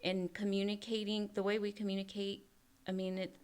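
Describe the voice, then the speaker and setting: A woman's voice: mid-range voice, little pitch movement, brisk, darkish tone, clean tone. A woman co-hosting a podcast who grew up in the US with Mexican parents, chatting casually with frequent laughs. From Mexican-American, grew up in the US. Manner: chatty, laughs easily, many fillers. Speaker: podcast co-host. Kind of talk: casual chat.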